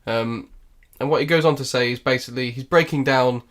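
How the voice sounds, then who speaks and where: A man's voice: medium pitch, a little fast, a bit bright. A man hosting a podcast, chatting casually and jokily about a film, laughing often as he recaps it. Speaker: podcast host.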